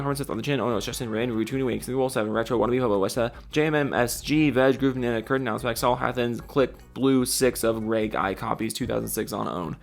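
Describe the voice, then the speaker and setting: Male YouTuber, sick and worn out, rapid gravelly delivery of a name list. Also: mid-range voice. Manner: rambling, swearing, mock-dramatic. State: sick and tired. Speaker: YouTuber reading out supporter names.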